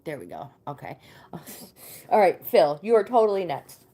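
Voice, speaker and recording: Live-stream host, woman, a little low-pitched; casual tarot reader who pauses and fills between card meanings. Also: huge pitch swings, dark tone. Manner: chatty, greets viewers by name between readings; reads card meanings aloud with pauses and fillers.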